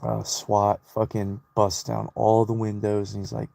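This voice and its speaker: Low gravelly man rambling through a story. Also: completely flat delivery, measured pace, warm tone, no echo. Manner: heavy swearing, loose storytelling with restarts. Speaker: solo vlogger. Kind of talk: rambling personal monologue.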